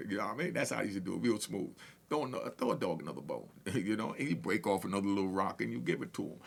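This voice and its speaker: A man's voice: fairly low pitch, fast talker, vocal fry, breathy edge. A man hosting a reaction video, telling rambling stories from his past with lots of "you know what I mean". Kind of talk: casual storytelling.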